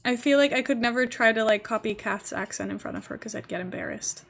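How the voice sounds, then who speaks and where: A woman's voice: a little high, fast talker, creaky, a bit bright. A young woman with a posh English accent, chatting casually and giggling as she streams a game. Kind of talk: casual live-stream chat while gaming.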